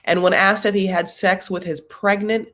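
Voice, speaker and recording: A woman's voice: mid-range voice, steady tone, normal speed, fairly bright tone. A woman hosting a casual live reaction chat, chatty and sassy, tossing out jokes and asides as she recaps. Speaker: recap show host.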